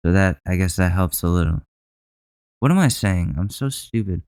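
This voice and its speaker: A man's voice: low voice, moderate pace, darkish tone, clear, resonant tone, no room sound. A man hosting a comedic solo podcast, riffing crudely and sarcastically about news clips. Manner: mocks public figures in a put-on voice. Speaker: podcast host.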